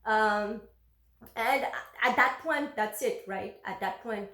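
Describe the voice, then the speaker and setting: A woman's voice: fairly high pitch, takes it slowly, bright, forceful tone, reverberant. A woman telling a personal story candidly, often breaking off mid-sentence. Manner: candid and confessional. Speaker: vlogger.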